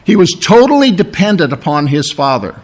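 A man preaching a sermon, teaching through a Bible passage. His voice is strained, he clears his throat often, and he keeps checking in with "okay?" and "all right?". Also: a little high, very animated, a little fast. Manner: explanatory, asks "okay?" and "all right?" for agreement. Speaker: pastor.

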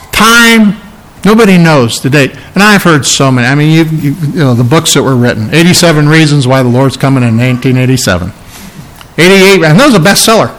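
A pastor preaching with emphatic conviction, driving points home by repeating them. His voice sits a little high for a man. He turns low and gentle when he calls listeners to faith and leads the prayer. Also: low-quality recording. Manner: emphatic, repeats key lines for stress; drops to a soft, low voice for the altar call and prayer. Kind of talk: sermon.

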